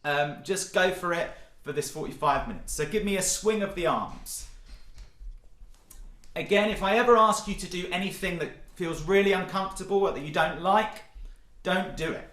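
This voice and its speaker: A man leading an online singing warm-up, encouraging and cheerful, often breaking into loud demonstration sounds. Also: high voice, normal speed, echoey room. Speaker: singing workshop leader. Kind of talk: online vocal warm-up session.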